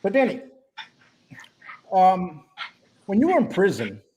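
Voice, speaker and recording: A man hosts a live-stream show in an easy, rambling manner, reading out viewers' names from the chat. His voice sits a little on the high side. A faint hiss of background noise runs under the recording. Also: slow. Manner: greets chat viewers by name, relaxed and rambling. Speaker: host.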